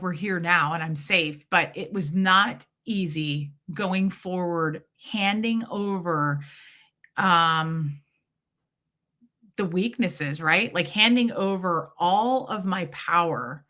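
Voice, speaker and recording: Bright-voiced woman chatting on a livestream. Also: on the low side, slow. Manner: candid, expressive storytelling with quoted voices. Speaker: livestream host. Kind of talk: casual chat with live viewers.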